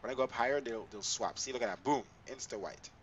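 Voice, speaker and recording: A young man on a headset, chatting casually while streaming a flight simulator, excitable and prone to swearing. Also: medium pitch, fast, a crowd in the background. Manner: excitable, swears, lots of laughs. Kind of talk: casual live-stream chat. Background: friends talking over a call.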